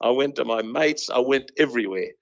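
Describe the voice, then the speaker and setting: Older horse breeder, gravelly and rambling; dry, muffled sound. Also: male voice, mid-range voice, a little fast, no echo. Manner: rambling, with many restarts. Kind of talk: anecdotal interview storytelling. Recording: dull lo-fi dry recording.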